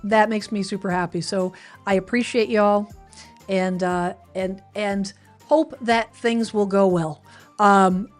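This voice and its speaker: A woman's voice: medium pitch, steady tone, slow pace, soft background music. A woman hosting her weekly livestream, talking casually and rambling a little as she answers viewers' comments. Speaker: livestream host.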